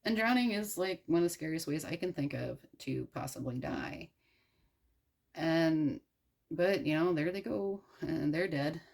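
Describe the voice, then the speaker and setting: A woman's voice: low-pitched, a little slow, gravelly, darkish tone. A young adult woman from the United States retelling a story in a casual, irreverent and profane way, rambling with many fillers. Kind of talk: casual storytelling while crafting.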